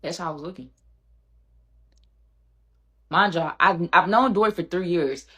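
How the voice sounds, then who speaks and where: Brief: storytime vlogger, low-voiced woman, animated and chatty with her viewers. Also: measured pace, pauses often, breathy edge. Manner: animated, addresses viewers directly. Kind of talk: casual storytime.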